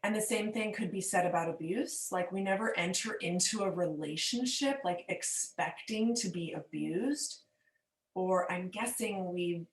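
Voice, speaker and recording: A woman coach talks through her lesson with patience, leaning on everyday examples and pausing to check that the listener is following. Her voice sits at an ordinary middle pitch. The recording carries a noticeable roomy echo. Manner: checks in with "okay?". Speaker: forgiveness coach. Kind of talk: teaching monologue.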